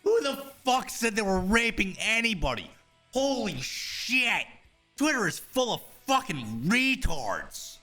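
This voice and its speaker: A man rants through a reaction commentary with a wide, animated pitch swing and a hard, forceful edge. He talks in loud, sarcastic, profane outbursts. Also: unhurried, few pauses, soft background music. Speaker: streamer commentator.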